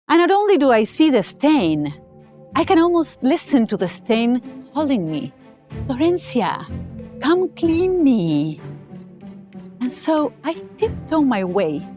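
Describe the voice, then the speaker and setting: A woman author giving a motivational talk, telling a personal story in an emphatic, animated way. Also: on the high side. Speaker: author and speaker.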